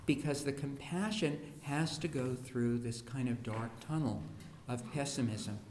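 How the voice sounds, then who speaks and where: A man's voice: mid-range voice, measured pace, a little mellow. Humorous man speaking in an echoey hall. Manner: humorous storyteller, acts out quoted children and parents. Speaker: speaker on education. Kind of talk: public talk to an audience. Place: school hall. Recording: echoey room with faint hiss.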